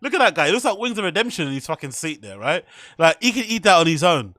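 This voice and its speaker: A man's voice: fairly high pitch, big pitch swings, fast talker, sharp tone, no room sound, studio quality. A man hosting a livestream, reacting to clips with casual, profane commentary and frequent laughter. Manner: swears often, laughs a lot, incredulous mocking. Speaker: podcast host.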